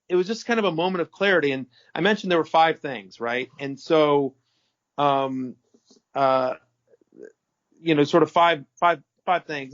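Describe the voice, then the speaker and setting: A middle-aged man telling a story in a casual interview, rambling, restarting sentences and swearing now and then. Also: fairly high pitch. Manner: animated, rambling, self-correcting, profane. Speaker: interview guest. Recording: dull lo-fi audio.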